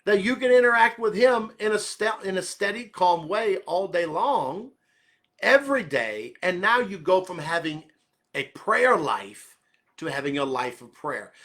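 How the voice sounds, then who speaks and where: A man's voice: sits high, animated, unhurried, a bit bright. A man pastor giving a conversational sermon, earnestly checking in with listeners and often rephrasing mid-thought.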